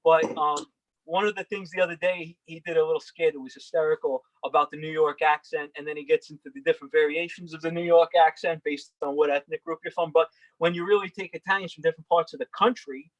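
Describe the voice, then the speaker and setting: A man chats on a panel in quick, rambling runs, restarting his sentences. His voice sits a little high, and the sound is dry. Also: fairly even intonation, dry recording, highs cut off. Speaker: panel guest. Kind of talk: casual panel chat.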